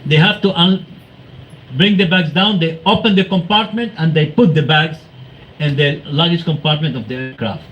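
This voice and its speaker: Animated man telling stories to devotees. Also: on the high side, normal speed, lo-fi sound, a little hiss or hum. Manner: animated storyteller, acts out quoted voices, laughs often. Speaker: devotee speaker. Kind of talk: storytelling talk to a congregation.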